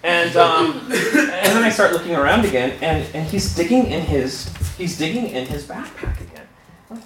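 A man spins a personal story with a high voice that leaps all over the place, laughing as he goes and acting out his own reactions. The sound is roomy and echoey, with clear noise underneath. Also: fairly quick, crowd noise. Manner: animated, laughs often while telling, acts out his own quoted reactions. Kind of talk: personal story told live. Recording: echoey room with background noise.

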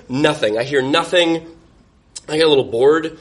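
Man, young adult, podcast guest, wry self-mocking storyteller, slightly raised pitch. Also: fairly quick, a bit bright. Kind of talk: personal storytelling.

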